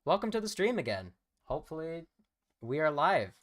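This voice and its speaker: A man's voice: fairly high pitch, sing-song, moderate pace, no room sound, studio quality. A young man co-hosting a casual livestream, joking and rambling with lots of fillers. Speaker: co-host.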